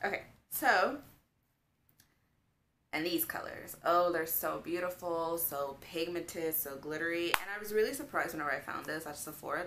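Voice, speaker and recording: A woman's voice: deep voice, noisy background. A young woman chatting casually in a makeup tutorial, gushing with lots of fillers. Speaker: beauty vlogger.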